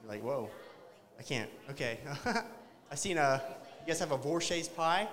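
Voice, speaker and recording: Animated and a little high-pitched, with a fairly bright tone, a comedian who's had a few drinks runs a crude, rambling open-mic set at a moderate pace, bantering with the crowd and laughing at his own jokes. Long hall reverb echoes throughout.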